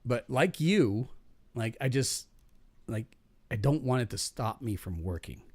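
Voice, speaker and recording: A man's voice: mid-range voice, a little slow, breathy edge, dry recording. Podcast guy ranting about an old job, swears a lot, voice jumps all over, dry close mic. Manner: animated, swearing, acts out quoted voices. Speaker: podcast host. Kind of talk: casual storytelling.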